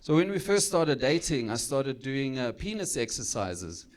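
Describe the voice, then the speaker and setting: A man's voice: mid-range voice, big pitch swings, moderate pace. A young man with a German-South African accent doing a chatty stand-up comedy set on a club stage. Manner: chatty, tag questions. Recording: live club with audience.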